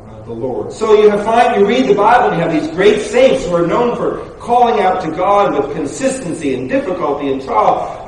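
A male pastor preaching a sermon, halting with many fillers and repetitions, then driving points home emphatically. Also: on the high side, a little mellow, slight background noise. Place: church sanctuary. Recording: echoey hall, distant mic.

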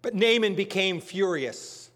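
A man's voice: high-pitched, animated, measured pace, a bit bright. A man from northern New Jersey giving a sermon, reading scripture and adding conversational asides. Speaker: preacher. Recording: long reverb of a large hall.

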